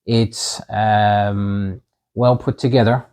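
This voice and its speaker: A man hosting a casual slot car review, upbeat and pausing often with "um" and "uh". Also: on the low side, flat delivery, a little mellow. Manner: upbeat, many "um" and "uh" fillers.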